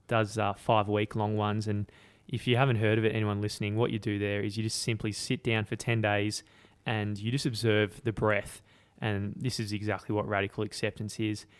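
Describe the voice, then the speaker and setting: A young man in a relaxed book discussion, speaking plainly and poking fun at himself. His voice is on the low side, and his delivery stays loose and conversational. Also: clean tone. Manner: blunt, self-mocking, laughs easily. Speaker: podcast co-host.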